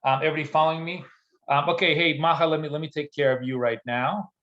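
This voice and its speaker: A man's voice: fairly high pitch, fairly even intonation, quick pace. A man hosts a live trading stream from his desk, chatting loosely with plenty of fillers and restarts while greeting viewers from the chat. His voice sits in a roomy space with a slightly dull, muffled tone from a computer mic. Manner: casual, rambling, lots of fillers and restarts. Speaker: trading show host.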